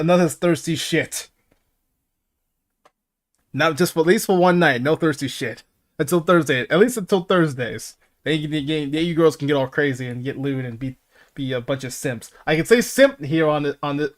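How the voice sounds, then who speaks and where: A man's voice: on the high side, a little fast. A man hosting a casual stream podcast, rambling and laughing often, swearing freely and restarting his sentences.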